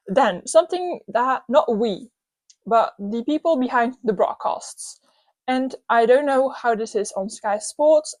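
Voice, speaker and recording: A young woman hosting her own podcast, ranting casually with lots of fillers and quick restarts. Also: a little high, no room sound. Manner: animated, rambling, many "like" fillers. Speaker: podcast host. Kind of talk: solo podcast rant.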